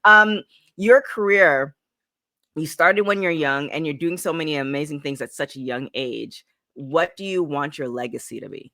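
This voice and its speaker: A woman hosting a relaxed interview with a bright, forward tone. She sounds close and dry, chatty and enthusiastic, and stumbles over her own restarts. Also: low-pitched, normal speed, no room sound. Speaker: interview host. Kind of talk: casual interview.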